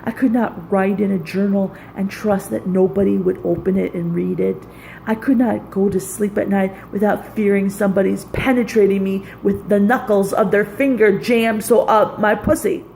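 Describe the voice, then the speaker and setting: A woman's voice: mid-range voice, steady tone, moderate pace, creaky, a little mellow, slight background noise, low-quality recording. A woman speaking in an intense, raw, profane personal monologue, pouring out anger and hurt. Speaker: vlogger.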